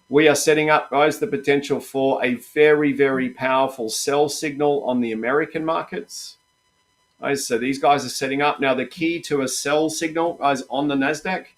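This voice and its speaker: A man coaching traders in a live session, talking in an upbeat, chatty way. He keeps calling out to his viewers as "guys" while he gives them running market commentary. His voice sits at an ordinary, middle pitch. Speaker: trading coach and host.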